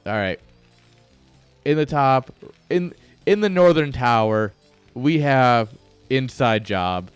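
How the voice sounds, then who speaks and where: A man's voice: medium pitch, animated, slow pace, long pauses, clean tone, dry recording, faint music behind. A man casting a strategy game on a live stream, rambling off-topic and joking at his own expense. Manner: rambling, joking asides, chuckles at himself. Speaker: esports caster.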